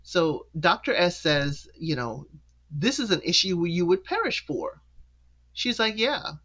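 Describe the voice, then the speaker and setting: Loosely and casually, a show host talks through an episode recap, his voice jumping up in pitch to act out each character's lines before dropping back down to narrate. Animated, he laughs between points, keeping an unhurried pace with a breathy edge.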